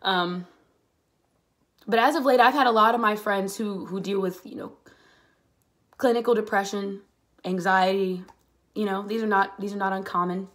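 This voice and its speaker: A woman in her twenties from the Pittsburgh area, speaking earnestly in a personal vlog, halting at first and growing more emphatic. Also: medium pitch, steady tone, a bit bright. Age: 20s. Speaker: vlogger.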